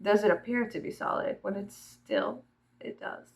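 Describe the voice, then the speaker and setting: A woman's voice: medium pitch, very animated, normal speed, a little mellow, rough recording. A woman from Texas with a Texan accent, rambling casually and profanely, often laughing and dropping to a murmur. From Texas, USA. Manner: giggly, profane, freewheeling, drops to murmurs. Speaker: vlogger.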